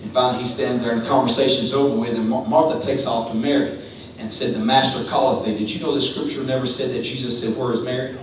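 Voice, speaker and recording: A man preaching a sermon as pastor, telling a story in a low voice and then building to loud, chanting, sing-song preaching. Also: fairly even intonation, quick pace, recorded from a distance, slight background noise. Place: church sanctuary. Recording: echoey church from afar with music.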